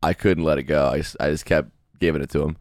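A tired young man with a low, deep voice co-hosts a podcast in casual banter. He jokes and restarts his sentences as he tells a story. The sound is dry and close. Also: fairly even intonation, fast, darkish tone, no echo. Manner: joking, trails off and restarts. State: tired after an all-nighter. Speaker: podcast co-host. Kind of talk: casual chat.

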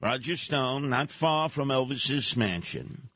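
A man's voice: mid-range voice, slow pace, husky, no room sound. A man hosting a talk radio show, ranting in a monologue and slipping into mocking impressions. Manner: animated, jumping into mocking impressions.

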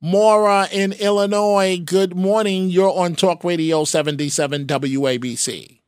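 A man's voice: high-pitched, fairly even intonation, measured pace, clear, resonant tone, no room sound, studio quality. Polite male talk radio host. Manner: polite, gracious, brief replies.

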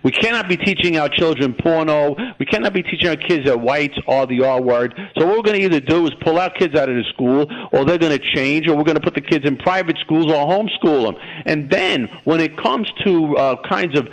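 A male caller with a Michigan accent rants with fiery emphasis over a phone line. His voice sits a bit high and he keeps calling the listeners folks. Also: brisk, few pauses. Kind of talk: impassioned call-in rant.

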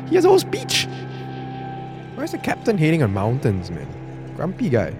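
A man's voice: fairly high pitch, music in the background. A man co-hosting a podcast, chatting casually and reacting playfully to a comic as he reads it. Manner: playful, animated, quick to laugh. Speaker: podcast co-host. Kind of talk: casual chat, reading a comic aloud.

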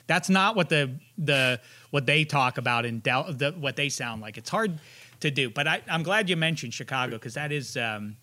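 A man's voice: a little high, normal speed, sharp tone. A man hosting a casual podcast chat, rambling and joking, with a habit of slipping into mock accents. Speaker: podcast host.

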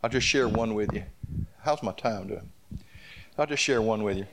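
A man's voice: lowish voice, normal speed, noisy background. A male pastor preaching a sermon, building to repeated declarations and telling stories with quoted dialogue.

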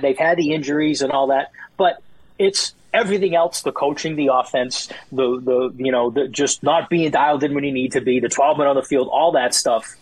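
A man in casual sports podcast chat, rambling and animated, mock-quoting people in exasperated bursts. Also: medium pitch, husky, no echo, rough recording. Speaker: podcast guest.

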